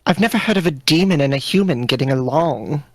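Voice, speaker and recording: A man's voice: on the high side, expressive, a little fast, no room sound, studio quality. A man voicing a startled young woman survivor who blurts out her lines, in a live comedy reading.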